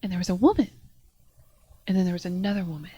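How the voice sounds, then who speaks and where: A woman voicing a chatty little female monkey familiar in a tabletop game, talking high and excited. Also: fast, husky. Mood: gossipy.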